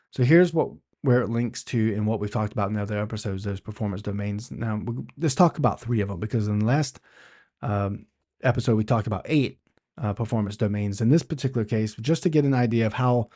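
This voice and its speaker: Mellow-voiced man teaching project management. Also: fairly low pitch. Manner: conversational teaching with rhetorical questions; restarts phrases often. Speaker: podcast host. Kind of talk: instructional podcast talk.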